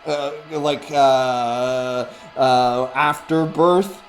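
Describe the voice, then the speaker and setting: A man's voice: mid-range voice, fairly even intonation, very slow, faint music behind. A man narrating as game master, rambling with many fillers.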